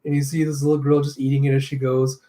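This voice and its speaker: A man casually reading a comic aloud, narrating panels with relaxed asides. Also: mid-range voice, fast. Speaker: comic readthrough host.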